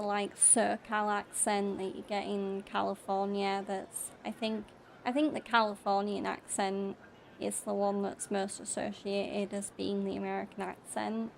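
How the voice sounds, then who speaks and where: Slow, chatty woman gamer. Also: medium pitch, gravelly, slight background noise. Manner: chatty, rambling, with restarts. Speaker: gaming YouTuber. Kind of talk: casual let's-play commentary.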